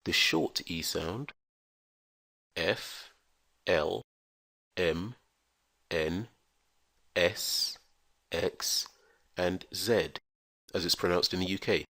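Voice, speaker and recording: A man teaching English pronunciation in a careful, scripted lesson, spelling out letters and sounds with slow, deliberate enunciation. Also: low-pitched, vocal fry, pushed and bright, no echo.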